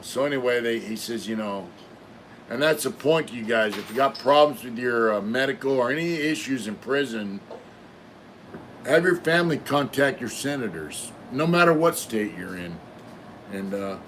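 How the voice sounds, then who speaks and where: A man's voice: fairly low pitch, fairly bright tone, slight background noise. A middle-aged man hosting a live stream, telling a long story casually with lots of fillers and swearing. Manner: rambling, profane, many fillers.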